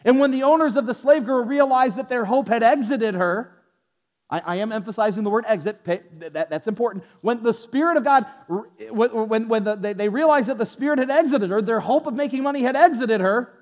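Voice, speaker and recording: High-voiced preacher quizzing his listeners. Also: expressive, a little fast, in a large hall. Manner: repeats words, restarts often, quizzes listeners. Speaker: preacher teaching a Bible study. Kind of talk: sermon. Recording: dull lo-fi recording.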